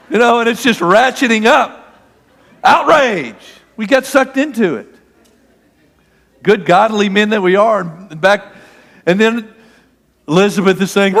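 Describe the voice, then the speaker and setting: Animated storytelling preacher man, long reverb. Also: high-pitched, unhurried, gravelly, pauses often. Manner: storytelling, animated, acts out the argument. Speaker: pastor. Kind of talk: sermon with personal story. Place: church sanctuary.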